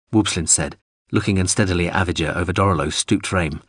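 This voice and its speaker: A man narrating a story in an expressive audiobook reading. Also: sits low, quick pace, no room sound, clean studio sound.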